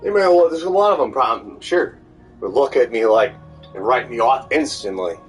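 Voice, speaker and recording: A man's voice: mid-range voice, animated, a little fast, husky. A man talking in a meandering monologue, full of fillers and restarts. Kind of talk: rambling monologue. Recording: distant mic with faint music.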